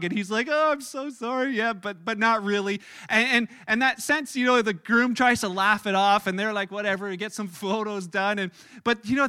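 High-voiced bright-toned pastor. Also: male voice. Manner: conversational storytelling with many restarts. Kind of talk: sermon.

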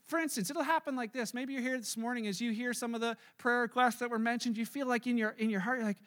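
High-voiced, forceful pastor preaching. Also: male voice, quick pace, hardly any pauses. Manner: animated, acts out everyday scenarios in little voices. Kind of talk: sermon. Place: church service.

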